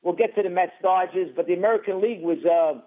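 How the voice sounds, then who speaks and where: A man with a high, slightly husky voice hosts relaxed sports talk on the radio, chiming in with quick agreement. The sound is muffled and narrow, like an old broadcast. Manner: chatty, agreeable, quick back-and-forth. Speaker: radio host.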